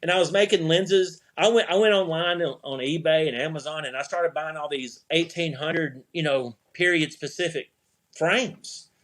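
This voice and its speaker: A middle-aged man, guesting on a podcast as an eyewear company owner, tells a loose, wandering story in a casual interview. He keeps restarting sentences and dramatizes quoted dialogue, using a fairly bright voice on the high side with fairly even intonation at a normal speed.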